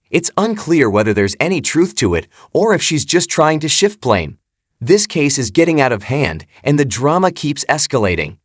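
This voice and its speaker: Male narrator, dramatic moralizing voice-over, lively pitch, dry. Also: no room sound. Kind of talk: scripted voice-over commentary.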